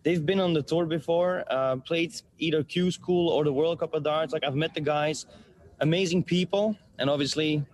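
A man's voice: a little high, normal speed. A man, a professional darts player, answering interview questions over a video call in a cheerful, playful way and laughing often.

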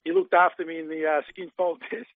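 An Australian man in his forties talks casually as an interview guest. He rambles, restarts, and leans on fillers. His fairly high voice comes through a dry, tinny phone line. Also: flat delivery, brisk, no echo. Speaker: guest, former footballer.

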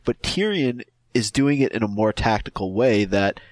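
A man's voice: on the low side, expressive, moderate pace, darkish tone, dry recording. A man in casual podcast chat, explaining his view point by point.

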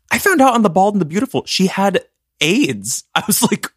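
A man co-hosting a casual podcast chat, joking, telling stories with animated swings and laughing often. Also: high-pitched, moderate pace, no echo, clean studio sound. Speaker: podcast co-host.

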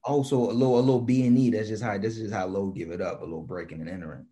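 A man with a northern US accent, co-hosting a casual chat in a teasing, animated way. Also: on the low side, very fast. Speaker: podcast co-host.

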